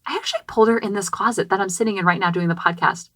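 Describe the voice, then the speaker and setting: A woman in her thirties hosting a parenting podcast from a small closet, telling a personal story in an animated, chatty way and acting out quotes, with many "like" fillers. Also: mid-range voice, very fast, dry recording. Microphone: podcast microphone.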